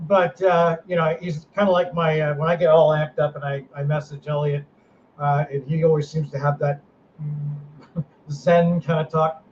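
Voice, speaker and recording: A middle-aged man hosting a casual podcast chat, running a paranormal team, ranting with animated energy and swearing freely. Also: fairly high pitch, normal speed. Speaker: paranormal team director, host. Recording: slightly dull sound, faint noise.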